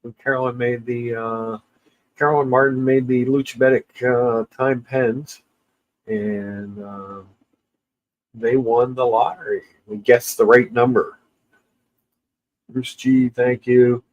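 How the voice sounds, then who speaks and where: A man's voice: medium pitch, little pitch movement, dull audio. Tearful man crying through casual chat. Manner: halting, tearful, many restarts and pauses. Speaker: livestream host. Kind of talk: casual livestream chat with viewers.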